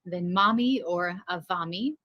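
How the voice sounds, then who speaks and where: A woman co-teaching a beginner lesson, reading story lines and phrases aloud in a clear, measured way. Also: lowish voice, dry recording, lo-fi sound.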